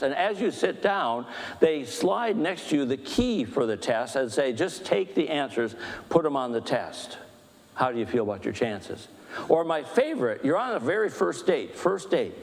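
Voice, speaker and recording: A man leading a church book discussion, talking fast with animated, self-deprecating humor. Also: a little high, in a large hall. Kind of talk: church teaching talk. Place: church hall.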